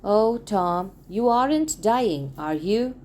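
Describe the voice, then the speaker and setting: A woman's voice: medium pitch, expressive, slow pace, darkish tone, a little hiss or hum. A woman voicing an anxious younger brother who urgently fusses over his sick sibling. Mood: worried. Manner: urgent, worried.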